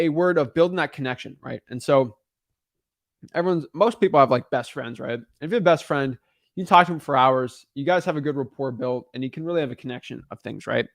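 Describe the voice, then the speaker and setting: In a dry, clean studio recording, a man with a fairly high voice teaches real estate wholesaling in a casual monologue. He keeps checking in with "right?" and "okay?" and often restarts his sentences.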